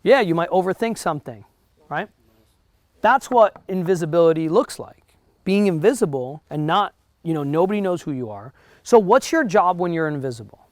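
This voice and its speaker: A man's voice: sits high, expressive, normal speed, no room sound. Man with a New Jersey accent coaching realtors. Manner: conversational, keeps checking in with the audience. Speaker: real estate broker teaching realtors. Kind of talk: motivational talk to a live group.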